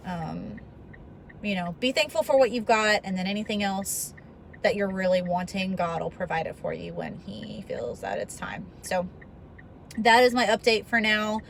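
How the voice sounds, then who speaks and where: A woman's voice: mid-range voice, animated, normal speed, creaky. A young woman chatting casually and earnestly to the camera in a rambling vlog, talking while she drives. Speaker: vlogger. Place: in a car on the road. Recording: car recording with road noise. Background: road and car noise.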